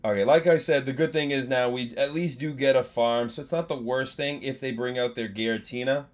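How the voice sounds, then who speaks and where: An excitable young man talking through his game on a live stream, average in pitch. He mutters under his breath one moment and yells the next, bantering with his chat as he plays. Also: fairly quick. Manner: excitable, swings from mumbling to yelling, banters with chat. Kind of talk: live gaming stream commentary.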